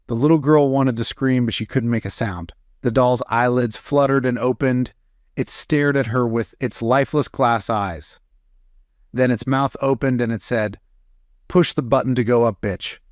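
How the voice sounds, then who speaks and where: A man's voice: mid-range voice, fairly even intonation, normal speed, dry recording, clean studio sound. A man reading a string of jokes aloud in a casual storytelling way, with small slips and fillers. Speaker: joke reader.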